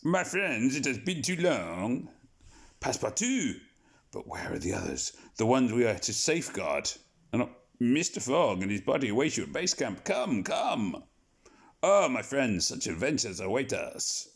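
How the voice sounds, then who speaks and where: A man putting on an excitable French manservant. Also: medium pitch, unhurried, gravelly, husky, voice pushed up, full character voice. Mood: excited. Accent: put-on French. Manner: theatrical, exclaiming.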